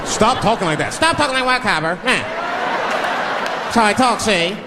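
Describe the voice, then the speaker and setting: A man's voice: high voice, expressive, moderate pace, crowd noise, noisy background, pitched above the performer's own voice. A man putting on a 1940s movie tough guy. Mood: defiant. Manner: clipped old-movie gangster drawl. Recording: live echoing hall with loud audience.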